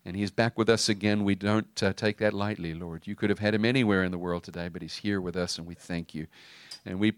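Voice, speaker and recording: A man leading a spoken prayer as pastor, earnest and halting with fillers. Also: low-pitched, fairly even intonation, no echo, studio quality.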